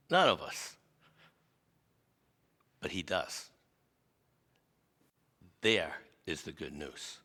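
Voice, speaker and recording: A male pastor preaching with lively, self-deprecating stories. His bright voice swings up and down in pitch. Long reverb fills the church sanctuary. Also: gravelly. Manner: animated, self-deprecating storyteller. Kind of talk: sermon with personal storytelling.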